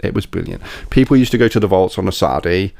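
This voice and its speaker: A middle-aged man speaks in a very low, gravelly voice. He talks in a relaxed, rambling way, often doubling up on his words. The recording is dry and close-miked. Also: fast talker, no echo. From England. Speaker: event promoter and DJ. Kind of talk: casual podcast interview.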